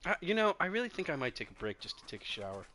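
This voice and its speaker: Bright, lively joking man on voice chat. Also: on the high side, racing. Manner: joking, teasing banter. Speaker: streamer and squad player. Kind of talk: gaming voice chat on a live stream.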